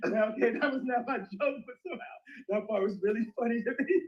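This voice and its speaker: A man telling rambling stories in a casual chat, often breaking into fits of laughter. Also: extremely high pitch. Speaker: interview guest. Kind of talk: casual storytelling in an online audio chat. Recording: dull lo-fi online audio.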